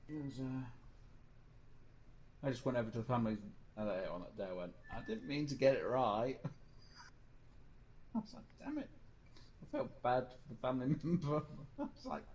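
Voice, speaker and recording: A man's voice: medium pitch, a little mellow, muffled recording, a little hiss or hum. A man streaming a game, rambling through a personal story in casual chat and mimicking other people's lines. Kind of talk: casual chat while gaming.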